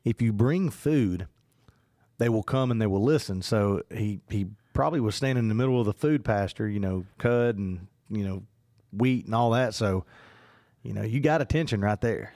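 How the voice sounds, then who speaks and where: A man talks through a casual podcast chat, circling his point with plenty of fillers and restarts. His voice sits a little low, and it is recorded close and dry in a small studio. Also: moderate pace, a little mellow, dry recording. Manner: rambling, many fillers and restarts. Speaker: podcast co-host.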